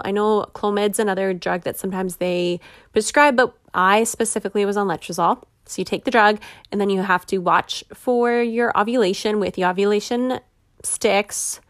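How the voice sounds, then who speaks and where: A woman in her thirties hosts a personal podcast monologue, talking frankly and chattily, laughing often and openly venting frustration. Her mid-range voice is recorded dry with studio quality.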